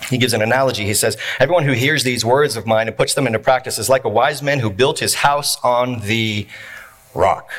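Pastor, male, sermon delivery, bright tone, repeats phrases for emphasis. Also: medium pitch, animated. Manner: preaching with dramatic pauses and repeated phrases. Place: church.

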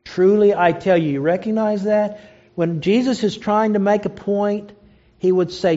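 Guy preaching a sermon, slow and emphatic, lots of rhetorical questions, muffled lo-fi sound. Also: sits high, darkish tone. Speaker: pastor. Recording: dull lo-fi recording.

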